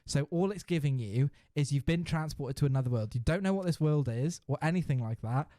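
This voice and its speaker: A man's voice: on the high side, brisk, warm tone, dry recording, clean studio sound. A man hosting a casual podcast who reads a generated adventure story aloud, laughing and swearing freely as he goes. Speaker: podcast host.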